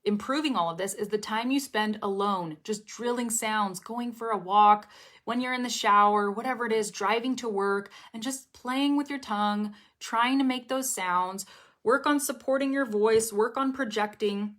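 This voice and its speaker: A woman's voice: a little high, moderate pace, fairly bright tone. Chatty woman teaching English pronunciation. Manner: chatty, encouraging, often checks in with "okay?" and "right?". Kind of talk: casual spoken lesson to camera.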